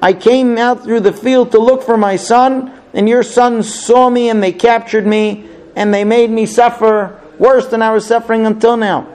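A man's voice: very high-pitched, steady tone, moderate pace, a little mellow. A man voicing a grieving male wolf who pleads and swears solemn oaths in a storybook retelling. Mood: pleading, solemn.

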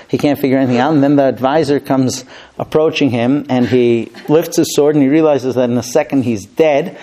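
A man's voice: mid-range voice, mellow, low-quality recording. A man teaching a Torah class and telling a long parable, with fillers and restarts.

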